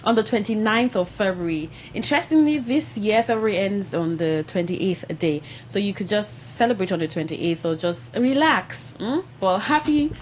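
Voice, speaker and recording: A woman's voice: mid-range voice, animated, moderate pace, hardly any pauses, a little hiss or hum, poor audio. A woman hosting an entertainment segment in a radio studio, chatting and reading items aloud with asides. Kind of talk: casual studio chat.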